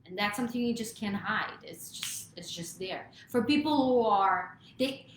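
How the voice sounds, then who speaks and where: A woman's voice: mid-range voice, expressive, normal speed, slight background noise. Woman vocal coach in an echoey room. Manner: emphatic, often checks in with "right?". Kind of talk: motivational coaching talk to camera.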